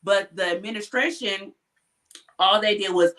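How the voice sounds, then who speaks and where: Blunt, animated woman telling a work story. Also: medium pitch, fairly quick, slight background noise. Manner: animated, blunt, swears freely. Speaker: hospital technician. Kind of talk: casual chat, storytelling.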